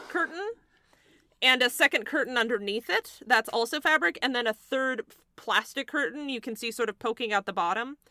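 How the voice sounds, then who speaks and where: A woman's voice: on the high side, bright, forceful tone, no echo, studio quality. A woman narrating as game master in a tabletop game, describing scenes with lots of fillers and hesitations.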